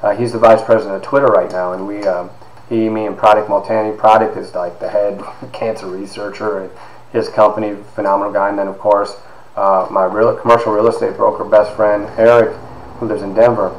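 A man in his fifties from Ohio, telling a personal story in an animated way with lots of quoted dialogue and fillers. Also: on the low side, a little fast. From Ohio, USA. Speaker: podcast host and author. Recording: echoey room with faint background noise.

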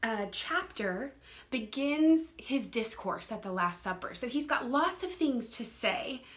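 A woman's voice: on the high side, expressive, unhurried. A young woman teaching a Bible study in a casual, earnest way, laughing often and repeating words as she talks.

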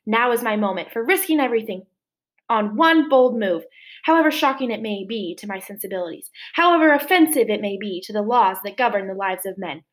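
A woman's voice: mid-range voice, expressive, a little fast, close to an everyday voice. A woman voicing a proud, formal male swan father in a read-aloud storybook. He talks in a lofty, earnest and long-winded way. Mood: resolute.

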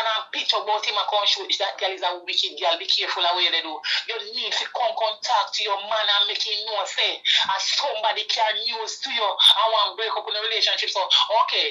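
An actress with a Jamaican accent playing a bossy middle-aged mother who lectures and scolds her grown daughter loudly. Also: medium pitch, highs cut off. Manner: scolding, loud, preachy, bursts of shouting. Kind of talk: film dialogue.

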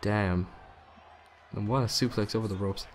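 Young male gamer, lower voice, narrating his match with excited swearing over a faint hiss. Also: normal speed, a faint crowd. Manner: excitable, swears, talks to the game opponent. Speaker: gaming YouTuber. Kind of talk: casual gameplay commentary.

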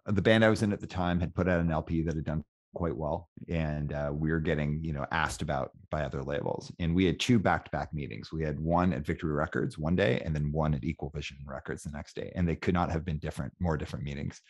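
A man hosting a podcast and telling a story in a chatty, animated way. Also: very deep voice, fast talker. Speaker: podcast host. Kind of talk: casual storytelling in an interview.

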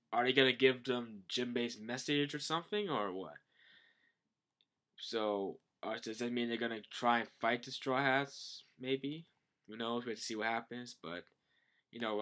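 A man of middling pitch chatting loosely through a manga chapter recap. He rambles, restarts and fills every gap with likes and ums. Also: sharp tone. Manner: rambling, lots of "like" and "um". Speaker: manga reviewer.

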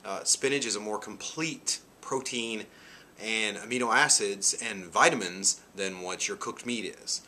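In a casual chat with his vlog viewers, a forties-aged man tells a wandering story, leaning on "you know" and "like." His voice is very low yet bright and forceful, a little slow, and there's slight background noise.

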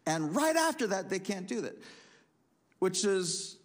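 Male pastor, sermon, emphatic, fairly high voice, long hall reverb. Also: big pitch swings, unhurried. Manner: emphatic, swinging between loud punchy lines and low asides.

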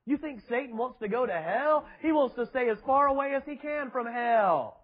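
High-voiced husky preacher, mocking. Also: male voice, lively intonation, moderate pace, lo-fi sound. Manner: mocking, sarcastic preaching with emphatic repetition. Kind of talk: sermon. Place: church with children present.

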